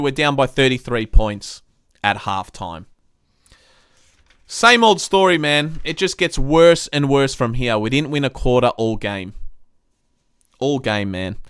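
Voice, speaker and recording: A man's voice: mid-range voice, fairly bright tone, smooth, no room sound, clean studio sound. A young man hosting a live-stream football review, venting frustration with swearing as he recaps the game like a fed-up fan. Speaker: sports review host.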